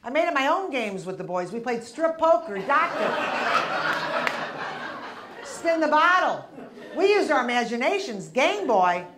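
A woman's voice: fairly high pitch, very animated, normal speed, heavy background noise. A woman in her fifties doing a punchy stand-up comedy routine in a comedy club, working the crowd. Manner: brash, punchy delivery with crowd work. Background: audience laughter.

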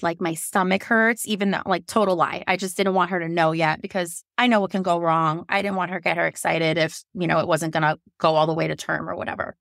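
A woman in her thirties telling a personal story on a podcast, laughing often and acting out quotes in a higher voice. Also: vocal fry, no room sound, studio quality. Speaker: podcast guest. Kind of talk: casual storytelling.

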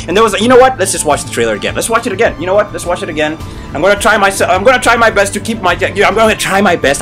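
A man hosting a reaction video, reacting out loud with frequent exclamations and lots of filler words. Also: high-pitched. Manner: excitable, exclaims often, many fillers. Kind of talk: live reaction commentary.

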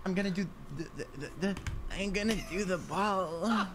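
A woman streamer playing a game, giggly and animated. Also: medium pitch, moderate pace, crowd noise. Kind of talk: playful gaming stream. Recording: heavy noise on streamed clip.

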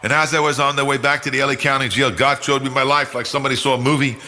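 Bright-voiced older man giving testimony. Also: mid-range voice, little pitch movement, racing. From New York, US. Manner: earnest, emphatic, acts out quoted speech. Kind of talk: personal testimony storytelling. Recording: long hall reverb.

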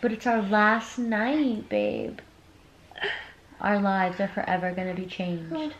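A woman's voice: mid-range voice, big pitch swings, slow pace, dull audio. A young woman vlogging at home at night, chatty and emotional, close to tears, with lots of "like"s. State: teary. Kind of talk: casual nighttime vlog chat. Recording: loud background noise.

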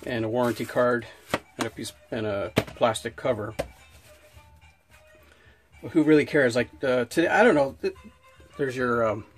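A man giving a casual unboxing review, rambling with many restarts and fillers and getting worked up as he rants. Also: medium pitch. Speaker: knife reviewer.

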